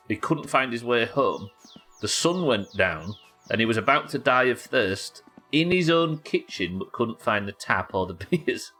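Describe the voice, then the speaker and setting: A young British man streams himself playing, giving chatty, sweary live commentary to his chat as he goes. His voice sits at a medium pitch with a slightly bright edge.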